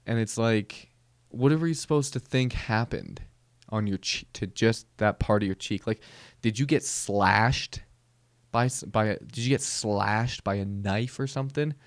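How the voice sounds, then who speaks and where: Rambling low-voiced comedy podcast man. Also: measured pace, no room sound. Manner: rambling, self-interrupting, deadpan. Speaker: podcast host. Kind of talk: comedic monologue.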